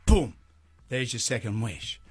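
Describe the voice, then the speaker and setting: A man's voice: medium pitch, sing-song, measured pace, husky, no echo. A man voicing a laid-back, lecturing male genie. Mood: offhand. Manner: drawling, offhand.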